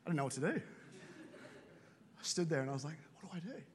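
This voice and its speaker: A high-pitched man preaching in a church auditorium. He tells jokey stories and throws in quick asides, and his voice trails off in a long hall reverb. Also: expressive. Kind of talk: sermon.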